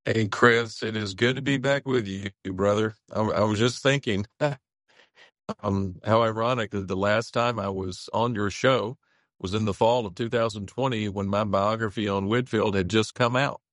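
A man's voice: lowish voice, steady tone, normal speed, fairly bright tone, no echo, studio quality. A man who is a pastor, a guest on a radio interview, talking in a friendly way with stumbling restarts.

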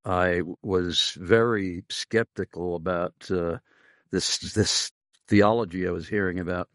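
A middle-aged man hosting an interview as a pastor, speaking in a measured way with frequent "uh" pauses. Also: low voice, steady tone, a bit bright, no room sound, studio quality. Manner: measured, pausing often with "uh". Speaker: pastor and podcast host. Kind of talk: conversational interview.

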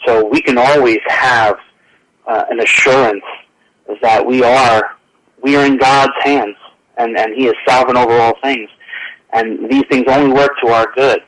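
A man's voice: medium pitch, fairly even intonation, moderate pace, fairly bright tone, slight background noise. A man as a guest on a radio interview, speaking earnestly with many fillers and restarts. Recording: tinny phone line.

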